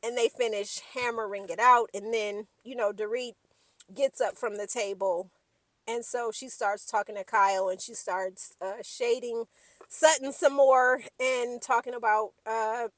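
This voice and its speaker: A woman's voice: on the high side, fairly even intonation, unhurried, fairly bright tone, no room sound. A woman giving a casual, slangy recap of reality TV gossip, acting out the quotes in shifting voices.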